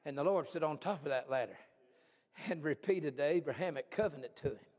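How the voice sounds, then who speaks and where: A man pastor preaching a folksy, animated sermon, swinging from hushed asides to shouts. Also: fairly high pitch, fairly quick. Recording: long hall reverb.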